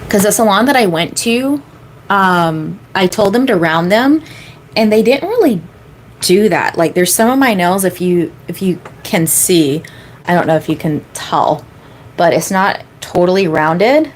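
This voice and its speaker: A woman's voice: on the low side, animated, measured pace, slight background noise. A woman in her thirties, a manifestation coach chatting casually on a live-stream Q&A, rambling with lots of fillers and repeating key phrases for emphasis.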